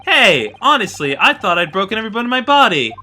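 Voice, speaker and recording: A woman's voice: medium pitch, very animated, fast talker, bright, forceful tone, soft background music, pitched above the performer's own voice. Woman voicing a jittery young law student. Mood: anxious. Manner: stammering, anxious.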